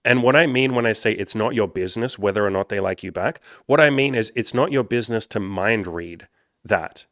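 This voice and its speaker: Candid swearing man with a low voice. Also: brisk, a bit bright, no room sound, clean studio sound. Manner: candid, swears freely, rambling. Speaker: dating coach. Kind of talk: casual storytelling monologue.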